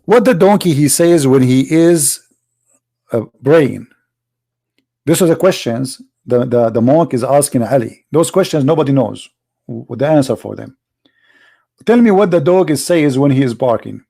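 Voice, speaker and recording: Gravelly man with an Arabic accent. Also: mid-range voice, expressive, warm tone. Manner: halting, restarts and searches for words. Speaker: live stream host. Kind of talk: live stream, reading and translating a text aloud.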